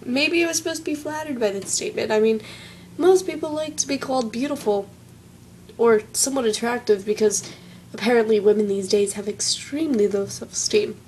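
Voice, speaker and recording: A woman's voice: fairly high pitch, a little fast, a little mellow, slight background noise, low-quality recording. A young woman with a Southern American accent, telling a story in a chatty, wry, self-mocking way on her vlog. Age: young adult. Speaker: vlogger.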